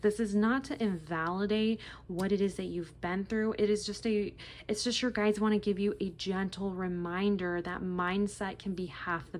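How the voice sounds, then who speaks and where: A woman giving a casual, gentle tarot reading to her viewers, reassuring and repeating herself with frequent "okay?" checks. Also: medium pitch. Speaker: tarot reader.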